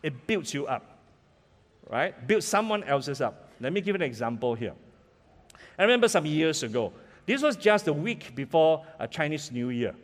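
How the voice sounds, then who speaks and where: A man's voice: fairly high pitch, big pitch swings, normal speed, big-room sound. A man with a Malaysian English accent, preaching a sermon as pastor and often asking the congregation questions.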